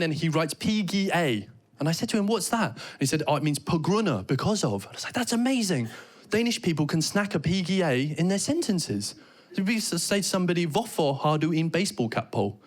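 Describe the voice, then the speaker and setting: A British man doing stand-up comedy, telling animated stories and trying out mock Danish phrases. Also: fairly high pitch. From Britain. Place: theater stage before a laughing audience.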